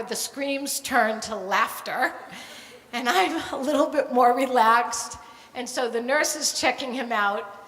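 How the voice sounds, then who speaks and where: An older woman tells a true family story from a stage, slowly and deliberately, her voice sitting a little high. She brings the people in her story to life by acting out their voices. The sound carries a long hall reverb with faint room ambience behind it. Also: sharp tone, a little hiss or hum.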